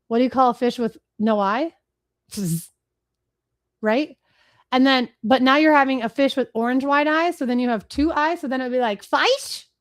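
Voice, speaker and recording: A woman in her thirties hosts a live webinar from her desk, chatting fast to a computer screen. Her voice sits a little high and her talk is rambling and self-deprecating, full of asides. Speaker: webinar host, marketing speaker. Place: home office, talking to a computer.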